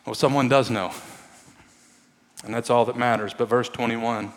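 A male pastor preaching a sermon, earnest and pleading, sometimes dropping to a hush for emphasis. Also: medium pitch, fairly even intonation, normal speed, long pauses. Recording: long hall reverb.

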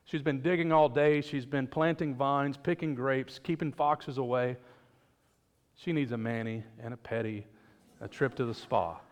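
A pastor preaches a sermon in a conversational style with joking asides, his medium-pitched voice at normal speed. The long reverb of the church hall surrounds him.

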